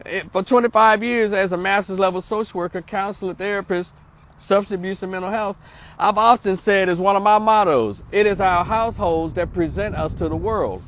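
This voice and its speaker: Middle-aged man, somewhat high voice, slangy storyteller who checks in with listeners. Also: a little fast, a bit bright, a little hiss or hum. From North Memphis, Tennessee. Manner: slangy, streetwise, asks listeners for agreement. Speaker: social worker and vlogger. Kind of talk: casual storytelling monologue turning to preaching.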